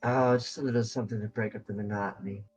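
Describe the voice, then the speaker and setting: A man's voice: on the low side, steady tone, quick pace, a little mellow, breathy edge, faint music behind. A man voicing a cocky male rogue adventurer with a smug, breezy swagger.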